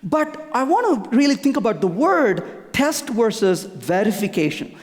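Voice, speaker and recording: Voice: medium pitch, sing-song, normal speed. A conference speaker giving a technical talk, hammering home key points by repeating them, with frequent restarts. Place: conference hall. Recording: long reverb of a large hall.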